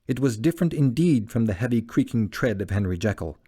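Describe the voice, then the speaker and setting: Male audiobook narrator, mid-pitched voice, measured dramatic reading. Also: lively intonation, dark tone, slightly rough.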